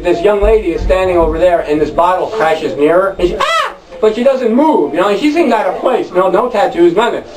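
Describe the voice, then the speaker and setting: A man performing a rambling, wry storytelling monologue on stage, breaking into loud shouted chants. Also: high voice. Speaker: spoken word performer. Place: club stage with audience. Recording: echoey room from a distant mic.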